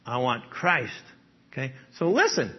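A man's voice: mid-range voice, big pitch swings, measured pace, slightly rough, muffled recording. A man preaching a sermon in a conversational way, often checking in with "okay?" and "right?" and chuckling as he talks. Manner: chuckles often while speaking. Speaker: pastor.

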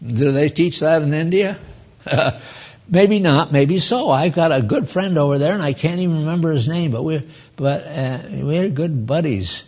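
A man in his nineties giving an informal Bible teaching, slow and chatty, with asides to his listeners. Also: fairly high pitch, a little mellow. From United States. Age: 90s.

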